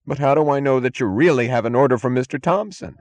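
A man's voice: medium pitch, fast, a little mellow, no echo, voice pushed up, natural voice. A man reading an audiobook, voicing a frightened male guard who stammers and pleads in a whine. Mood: pleading, panicky.

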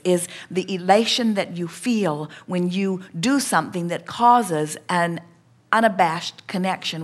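Calm woman speaking as "we". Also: on the low side. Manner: measured, reassuring, coaching tone. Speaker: seminar speaker answering a participant. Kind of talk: speaking as a collective "we" in a spiritual seminar.

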